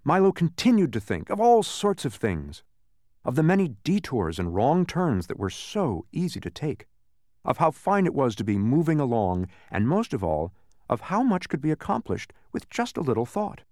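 A man narrating a children's storybook with expressive storytelling. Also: on the high side, normal speed, dry recording, clean studio sound. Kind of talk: audiobook narration.

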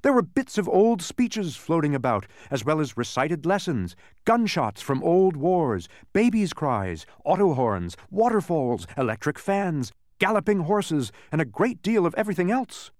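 Expressive male storybook narrator. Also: fairly high pitch, a little slow, hardly any pauses, dry recording, clean studio sound. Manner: expressive, sing-song reading.

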